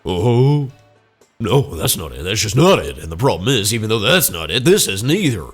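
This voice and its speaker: A vain, theatrical dancer from a video game who speaks grandly of himself, as a man puts him on. His voice is lowish but animated, rising and falling with flair. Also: normal speed, breathy edge, soft background music, exaggerated voice. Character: flamboyant vain male dancer. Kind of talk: let's play voicing game dialogue.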